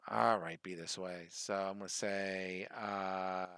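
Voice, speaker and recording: Dungeon master, male, philly accent, bright and crisp, dry close sound, rules read aloud. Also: deep voice, fairly even intonation, takes it slowly, dry recording. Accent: Philadelphia. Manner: thinking aloud while reading rules. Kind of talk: running an online tabletop game.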